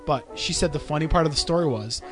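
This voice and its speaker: A high-pitched man spins a barroom story in casual podcast talk, slipping into the voices of the people he quotes. A faint bed of music plays underneath. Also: fast talker. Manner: animated, acts out quotes with swearing. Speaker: podcast host.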